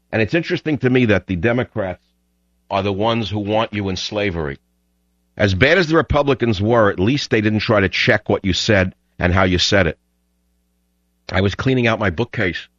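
A man's voice: on the low side, no echo. Ranting older male radio talk host. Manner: combative, ranting, rising to shouts. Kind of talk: political talk radio monologue. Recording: dull lo-fi broadcast sound.

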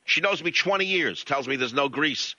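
A man's voice: a little high, expressive, moderate pace, bright, forceful tone, no room sound. A male radio talk show host delivering a blunt, sarcastic monologue into a studio mic. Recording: dull lo-fi radio audio.

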